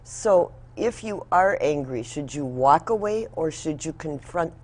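Low-voiced woman co-host. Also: expressive, unhurried. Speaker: co-host asking the pastor questions. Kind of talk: scripted introduction and interview questions.

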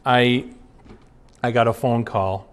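A man's voice: mid-range voice, fairly even intonation, slow, clear, resonant tone. A man, a pastor, giving an earnest sermon built around personal stories, reading passages aloud and then recounting anecdotes from his ministry. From Twin Cities area.

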